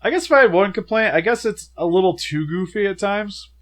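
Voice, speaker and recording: A young man talks over a movie review in a casual, chatty way, his voice slightly high and swinging up and down a lot. He sounds sick and worn down, but he keeps tossing in fillers and jokes. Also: brisk. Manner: animated, chatty, many "like" fillers. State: sick, feeling unwell. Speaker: co-host of a movie review show.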